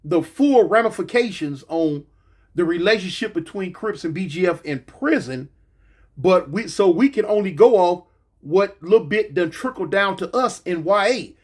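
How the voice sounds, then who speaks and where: A man with a high voice tells an old story in a loose, casual way. He is middle-aged and from California. He talks in animated bursts full of fillers and repeats, and often acts out what other people said. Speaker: former gang member telling prison stories.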